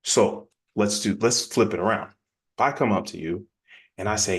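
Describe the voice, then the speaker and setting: A man giving a casual, energetic sales-coaching presentation in a plainspoken, conversational way. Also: lowish voice. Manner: energetic, acts out quick example dialogues. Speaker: business coach.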